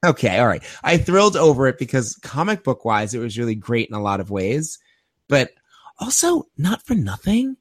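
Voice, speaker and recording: A man's voice: mid-range voice, sing-song, moderate pace, no echo. A young man co-hosting a podcast in casual chat, dry and sarcastic as he teases his co-hosts. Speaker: podcast co-host.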